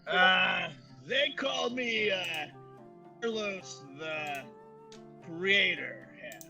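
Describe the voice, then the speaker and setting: A man voicing a loud, excitable and goofy male adventurer with a slow, gravelly delivery. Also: high-pitched, soft background music, full character voice. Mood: cheerful.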